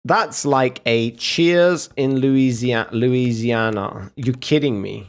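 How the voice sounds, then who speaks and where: A man streaming casual reaction commentary, swearing and mocking as he talks. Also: mid-range voice. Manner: profane, mocking, drawn-out.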